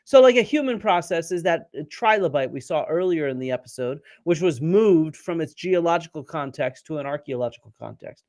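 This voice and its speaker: A man's voice: fairly high pitch, expressive, brisk, hardly any pauses, darkish tone, dry recording, clean studio sound. A man hosting a live-streamed archaeology lecture, explaining step by step, quizzing viewers and answering their comments. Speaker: archaeologist host.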